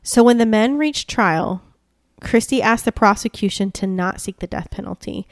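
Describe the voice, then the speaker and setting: A woman's voice: medium pitch, moderate pace, dry recording, clean studio sound. A woman co-hosting a casual true-crime podcast, retelling a story conversationally with lots of "like" and "yeah". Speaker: podcast co-host.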